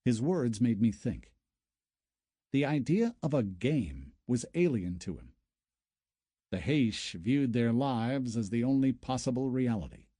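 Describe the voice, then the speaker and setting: Expressive male audiobook narrator. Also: medium pitch, measured pace, no room sound, studio quality. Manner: storytelling, expressive. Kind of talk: first-person scripted narration.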